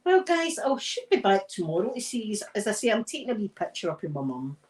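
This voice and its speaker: A woman's voice: mid-range voice, very animated, a little fast, a little mellow, low-quality recording. A Scottish woman chatting on a live stream while she irons, telling rambling stories and laughing often. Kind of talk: casual chat while ironing.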